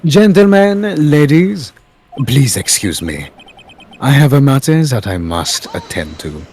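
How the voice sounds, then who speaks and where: Man voicing a menacing assassin, fake French accent, formal, swooping pitch. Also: big pitch swings, a little mellow, slight background noise. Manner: slow, theatrical menace. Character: suave adult male assassin, menacing and formal. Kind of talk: fan voice dub of a game.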